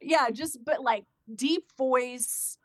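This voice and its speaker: A woman's voice: sits high, takes it slowly, no room sound, studio quality. A woman telling a personal story in a casual chat and acting out the voices of the people in it. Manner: animated, acts out quoted voices.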